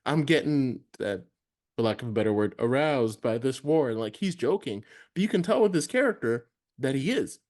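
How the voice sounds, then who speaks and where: A man co-hosting a casual film review, talking in a relaxed, rambling way with many fillers. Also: medium pitch, moderate pace. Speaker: podcast co-host.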